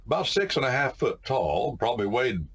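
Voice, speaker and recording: A man's voice: mid-range voice, big pitch swings, moderate pace, husky. A man teaching civics in an informal lecture, emphatic and folksy, often saying "my friends" and repeating "no, no, no" for stress. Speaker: lawyer teaching a civics catechism.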